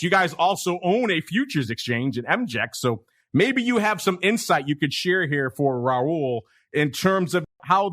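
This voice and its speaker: A man hosting a podcast in a brisk, chatty manner, moving through listener mail and poll results. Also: fairly high pitch, sharp tone, no echo, studio quality. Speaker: podcast host.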